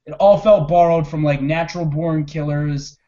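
A man co-hosting a casual movie review chat, animated and profane, quoting scenes in put-on voices. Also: fairly high pitch, moderate pace, highs cut off. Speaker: podcast co-host.

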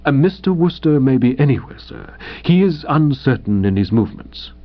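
Man voicing a soft-spoken, unruffled valet; muffled lo-fi audiobook sound. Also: mid-range voice, very animated, normal speed. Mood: suave. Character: suave, imperturbable middle-aged male valet. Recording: dull lo-fi audio.

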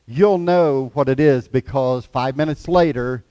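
A man's voice: mid-range voice, a little slow, dark tone, clean tone, dry recording, muffled recording. A man preaching a conversational sermon in a folksy, plain-spoken way, mixing scripture readings with everyday examples.

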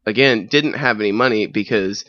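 A young man with a bright, forceful voice tells a rambling anecdote in a relaxed chat, jumping into lively impressions of the people in it. The sound is dry and close, with a slightly dull top end. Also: fairly low pitch, moderate pace, no echo. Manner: animated, acts out other people's voices in the anecdote. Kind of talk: casual conversational storytelling.

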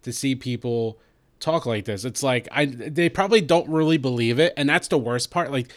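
A man's voice: medium pitch, moderate pace. A man co-hosting a podcast, talking bluntly and angrily, with frequent swearing. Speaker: podcast co-host. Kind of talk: heated podcast discussion.

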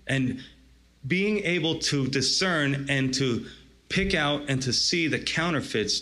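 A man's voice: on the high side, pushed and bright. A male pastor delivering a sermon in a conversational storytelling way, often saying "you see.".

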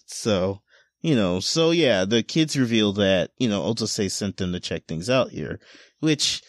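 A man's voice: lowish voice, animated, slow pace, no room sound, clean studio sound. A man speaking as a guest on a podcast in casual chat, enthusiastic and full of "you know.". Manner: enthusiastic, many fillers and restarts.

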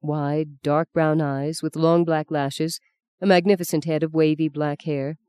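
Mellow, smooth audiobook narrator. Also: medium pitch. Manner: measured, even storytelling. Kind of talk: scripted literary narration.

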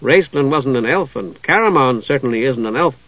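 A man voicing an excitable, chatty male kender who rambles eagerly, on a dull lo-fi recording. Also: mid-range voice, fairly quick, no room sound, close to an everyday voice. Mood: thoughtful chatter.

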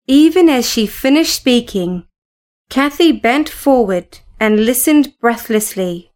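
A woman narrates a storybook in a high voice. She reads at an unhurried, deliberate pace. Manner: steady, measured reading. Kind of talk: storybook reading.

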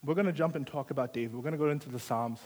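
A man's voice: medium pitch, very fast, a little mellow. A man preaching a live sermon in a church service, emphatic, repeating phrases for stress.

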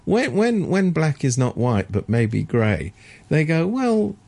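A man's voice: medium pitch, sing-song, measured pace, a little mellow. A man co-hosting a morning radio show, talking indignantly and sardonically about the news in a studio. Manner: indignant, sardonic, mimics voices to mock. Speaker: radio co-host. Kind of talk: opinionated radio chat.

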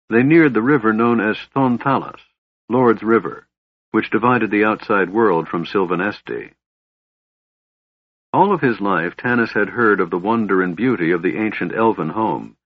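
A man narrating a fantasy audiobook in a measured storytelling manner. His voice is low and husky. The recording is dry and somewhat dull. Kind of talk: scripted narration.

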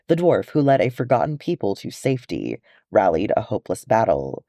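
A soothing dwarf mother who gently scolds her son for his guilt, put on by a man reading a storybook, her voice rising and falling in lively swings. The reading is close and dry, with no room around it. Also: fairly low pitch, creaky, dry recording, heavily acted. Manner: soothing, earnest.

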